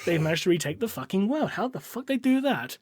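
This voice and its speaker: A rattled villain commander, as a podcast host puts him on, swearing in plain everyday speech. The voice is fairly high for a man and recorded close and dry. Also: big pitch swings, quick pace, darkish tone, husky, no echo, full character voice.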